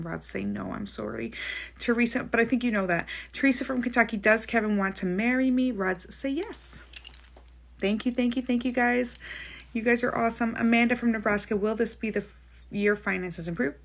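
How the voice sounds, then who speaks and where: A woman's voice: on the high side, creaky. A woman working as a psychic medium in a casual live stream, reading viewers' questions aloud and answering each one. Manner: chatty, quick to laugh, frequent "like".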